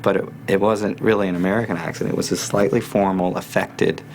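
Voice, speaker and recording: A man's voice: low-pitched, little pitch movement, fairly quick, a little mellow, slight background noise. A man giving a reflective documentary interview about the old film industry. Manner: reflective, thoughtful explanation.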